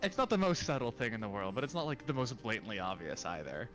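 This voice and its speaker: A man's voice: mid-range voice, sing-song, quick pace, music in the background. A man playing a tabletop game, chatting casually, chuckling and trailing off as he thinks. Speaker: player. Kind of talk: casual chat.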